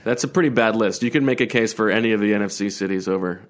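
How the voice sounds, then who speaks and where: A man's voice: fairly low pitch, fast talker. A man co-hosting a casual sports podcast over a remote call, trading joking banter. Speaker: podcast co-host.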